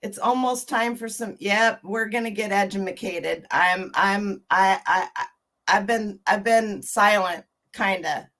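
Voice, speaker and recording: Slow-talking chatty woman livestreamer. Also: mid-range voice, fairly bright tone. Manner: chatty, bubbly, laughs often, greets viewers one by one. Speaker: livestream host. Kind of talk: casual livestream chat greeting viewers.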